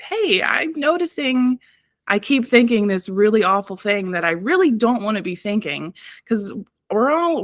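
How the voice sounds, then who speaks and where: A woman's voice: medium pitch, fairly bright tone, no room sound. A woman wellness professional, a guest on an interview podcast, talking reflectively with many "um" fillers. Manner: reflective, frequent "um" fillers, laughs between points. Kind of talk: casual interview talk.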